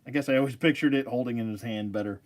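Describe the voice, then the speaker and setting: A man's voice: mid-range voice, very fast. A man casually rambling about his toy collection, joking, laughing and losing his train of thought.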